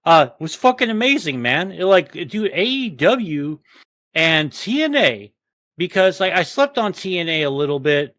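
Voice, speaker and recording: Profane, rambling man, fairly high voice. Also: very animated, unhurried, a bit bright, dry recording, studio quality. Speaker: podcast host. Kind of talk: casual chat.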